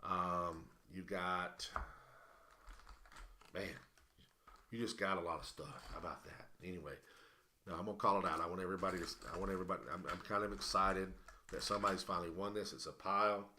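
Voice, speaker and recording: A man's voice: deep voice, flat delivery, brisk, pushed and bright, roomy sound, a little hiss or hum. A man hosting a live stream, calling out a long list of collectible cards in a rambling, casual way with many fillers and restarts. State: out of breath. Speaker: livestream host.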